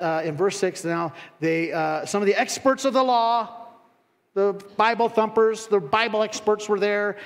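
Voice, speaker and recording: A fairly high-voiced man delivers a lively sermon in a church sanctuary. He swings into loud, raised voices to act out critics, then settles back into folksy asides. His voice rings with a long hall reverb. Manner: animated, acts out voices of critics with sharp rises in pitch and volume; laughs between phrases, folksy asides. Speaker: pastor.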